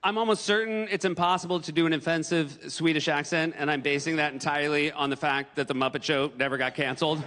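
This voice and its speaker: A middle-aged American man doing stand-up on a big theater stage, his voice pitched fairly high and lively as he tips into loud, exaggerated bursts. A long hall reverb trails his words while audience noise fills the background. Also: fast, few pauses. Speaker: stand-up comedian. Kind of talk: stand-up comedy set.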